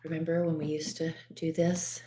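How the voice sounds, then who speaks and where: A woman with a Texan accent and a low voice hosts a live-streamed podcast. She chats candidly in a relaxed, tired way. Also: normal speed, slight background noise. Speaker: podcast host. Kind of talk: casual live-stream chat.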